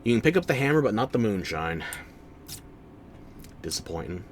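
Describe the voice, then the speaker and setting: Wry, lively-voiced male streamer. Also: lowish voice, normal speed, a little hiss or hum. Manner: wry, sarcastic, talks back to chat. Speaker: streamer playing a game. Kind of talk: casual gameplay commentary.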